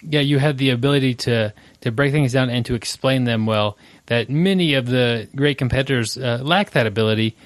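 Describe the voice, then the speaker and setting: A man's voice: mid-range voice, brisk, hardly any pauses, dry recording. Affirming male podcast host, dry sound. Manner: affirming, sums up the guest's points. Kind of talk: casual interview.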